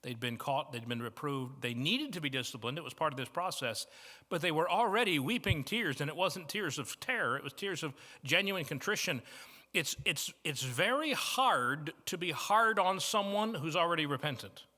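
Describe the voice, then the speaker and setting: A man with a Midwestern American accent preaching a sermon as guest preacher, telling stories and moving between soft asides and emphatic points. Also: a little high, lively intonation, moderate pace. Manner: storytelling with shifts from soft to emphatic. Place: church banquet hall. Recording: reverberant banquet hall.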